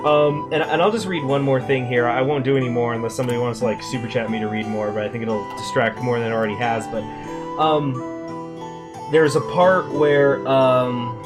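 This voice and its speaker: A man hosting a gaming channel, talking excitedly and rambling with many restarts while he plays a strategy game. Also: mid-range voice, moderate pace, music in the background. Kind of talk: live commentary while playing a strategy game.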